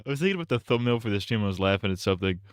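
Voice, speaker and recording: Low-voiced dude streaming games, rambling and cracking jokes, dry close mic. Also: male voice, lively intonation, racing, clean tone, no room sound. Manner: rambling, joking, laughs often, swears. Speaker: streamer, host. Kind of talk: casual live-stream chat over gameplay.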